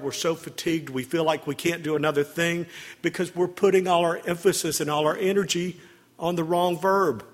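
Husky-voiced man preaching in a reverberant church. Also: on the high side. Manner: conversational, gently humorous preaching. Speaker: priest. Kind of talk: sermon. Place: church sanctuary.

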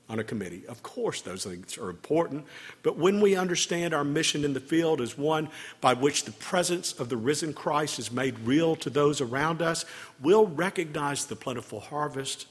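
A man, a priest, giving a sermon to his congregation in a conversational, gently humorous way. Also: mid-range voice, breathy edge, big-room sound. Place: church sanctuary.

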